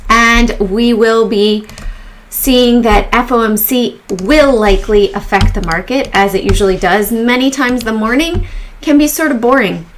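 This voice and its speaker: Woman host, mid-pitched, chatty and upbeat, casual market livestream with faint noise behind. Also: a bit bright. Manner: chatty and upbeat, greets viewers in chat.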